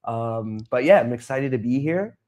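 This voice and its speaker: Guy on a podcast, mid-pitched voice, gets really animated telling his story. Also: normal speed. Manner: animated storyteller, acts out dialogue. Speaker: streamer and interview guest. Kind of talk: casual interview chat.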